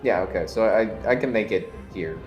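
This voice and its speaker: A man's voice: fairly low pitch, moderate pace, highs cut off, faint music behind. A man playing in a tabletop game, talking through his moves with some hesitation. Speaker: player. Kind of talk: casual chat.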